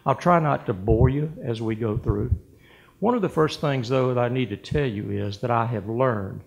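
Older man, gravelly voice, measured podium speech, leans hard on key words. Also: medium pitch, a little mellow. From United States. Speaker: governor giving award acceptance speech.

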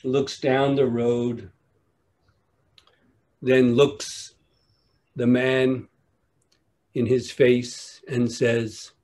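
A man giving a dharma talk at a retreat, telling a teaching story in a measured way with long pauses. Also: mid-range voice, flat delivery, a little mellow. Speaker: meditation teacher.

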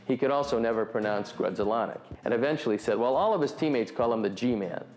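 A man's voice: medium pitch, fast talker, soft background music, low-quality recording. A man telling a story in an interview, animatedly voicing the people he quotes. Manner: animated, voices quoted callers.

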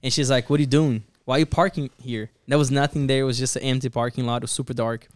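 A man's voice: medium pitch, fast talker, dry recording. A man who is a pastor, telling stories and preaching earnestly in a casual podcast chat, acting out the voices in his stories. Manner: earnest, animated storyteller who acts out quotes.

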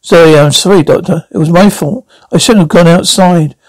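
A man's voice: on the high side, moderate pace, no room sound. A man reading the part of a clever young female companion, speaking in an apologetic way.

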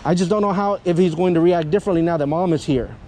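A man working as a dog trainer, giving hands-on instruction in a kennel yard, animated and self-described dramatic, often checking in with a quick "yeah?". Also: high-pitched, a little hiss or hum.

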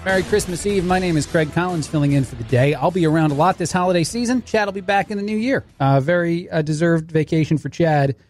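A man's voice: on the high side, quick pace, few pauses, a little mellow, faint music behind. A man filling in as a radio talk show host, rambling sarcastically through a casual monologue. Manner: sarcastic, rambling, restarts often.

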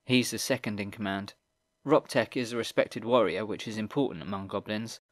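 A man's voice: on the low side, brisk, no echo, clean studio sound, lightly acted. A man voicing a cheerful, easygoing teenage boy soldier in an audiobook reading. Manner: easy, chatty, cheerful.

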